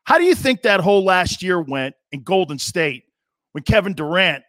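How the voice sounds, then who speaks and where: A man's voice: sits high, normal speed, dry recording, clean studio sound. A middle-aged man hosting a sports radio show, brash and mocking as he rants in an opinionated monologue. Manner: brash, mocking, animated, puts on jeering voices.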